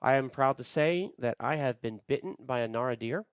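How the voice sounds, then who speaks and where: A man's voice: mid-range voice, a little fast, clean tone, no echo, clean studio sound. A middle-aged man co-hosting a podcast, telling travel stories in a casual, rambling way with lots of fillers. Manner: rambling, frequent fillers, friendly storytelling. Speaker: podcast co-host. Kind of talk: casual chat.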